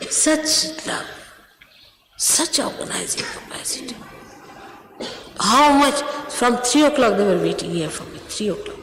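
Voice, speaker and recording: A woman's voice: medium pitch, big pitch swings, normal speed, few pauses, a bit bright, roomy sound, big-room sound, slight background noise, poor audio. An older woman, a spiritual teacher, scolding and urging her followers, emphatic, often repeating herself and laughing between remarks.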